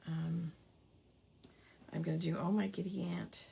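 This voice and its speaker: A woman's voice: lowish voice, flat delivery, a little slow, creaky, pauses often, mellow, slight background noise. A woman hosting a casual craft hangout, chatty and playful, savoring quirky old words with giggles. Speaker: craft livestream host.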